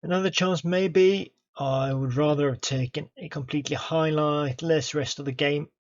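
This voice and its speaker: A man commentating his own football management game, excitable and chatty, cheering on his players and talking to them. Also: a little high, normal speed, muffled recording. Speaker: gaming YouTuber.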